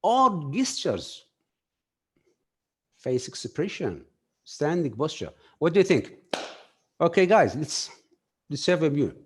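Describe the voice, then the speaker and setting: A man giving a workshop lecture on communication skills, pausing often with fillers and putting questions straight to his audience. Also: fairly high pitch, sing-song, a little hiss or hum. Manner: halting, filler-heavy, addresses audience directly.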